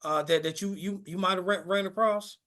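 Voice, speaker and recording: A man co-hosting a podcast live stream, chatting casually in a halting way full of fillers. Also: high voice, fairly even intonation, bright, forceful tone. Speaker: podcast co-host.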